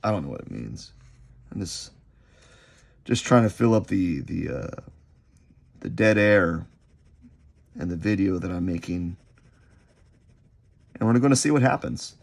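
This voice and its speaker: A man chatting unscripted while he sketches, rambling and halting, often repeating himself as his thoughts drift. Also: low-pitched, lively intonation, gravelly. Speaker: artist vlogger.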